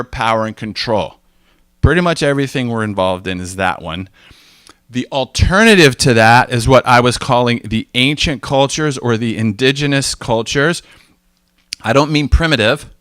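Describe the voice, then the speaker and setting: A man from the United States giving an informal, animated talk to a group, telling personal stories and acting out the voices of people he quotes. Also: medium pitch, no room sound, clean studio sound. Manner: animated storytelling, acts out quoted exchanges, frequent restarts. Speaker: speaker.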